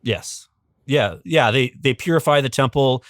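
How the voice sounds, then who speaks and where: A man, a podcast guest and religious educator, telling a history in a casual, animated way, with frequent ums and restarts. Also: medium pitch, measured pace, dry recording, studio quality. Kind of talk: casual storytelling explanation.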